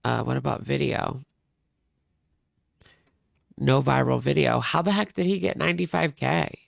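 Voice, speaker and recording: Very gravelly man chatting slowly. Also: mid-range voice, no room sound, studio quality. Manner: chatty, rambling, talks to viewers. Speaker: reaction livestream host. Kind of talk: casual livestream chat.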